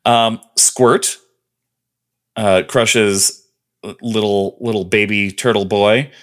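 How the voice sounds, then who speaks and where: A man with a fairly low voice co-hosts a podcast in loose, casual chat. He wanders through lists of trivia, filling the gaps with ums and uhs. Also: fairly even intonation, takes it slowly. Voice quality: rambling, listing trivia with many fillers. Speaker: podcast co-host.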